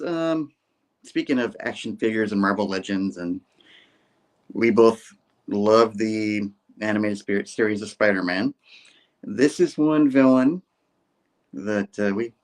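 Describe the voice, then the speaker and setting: A man co-hosting a casual podcast chat, excitable and quick to laugh. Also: on the low side. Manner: excitable, giggly. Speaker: co-host.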